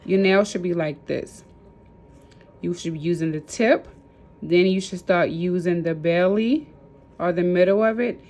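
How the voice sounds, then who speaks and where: A woman's voice: fairly low pitch, measured pace, darkish tone. A woman, a nail technician demonstrating drill work in a casual, repetitive step-by-step way. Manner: chatty, repetitive step-by-step instructions with Southern US slang. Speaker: nail technician teaching a class. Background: nail drill whirring.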